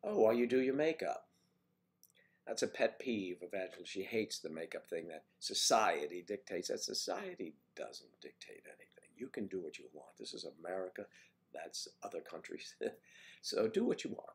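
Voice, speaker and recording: This man's low voice has a sing-song quality and moves at a moderate pace. He runs an easygoing morning livestream, reading viewers' names and comments aloud and tossing back joking replies.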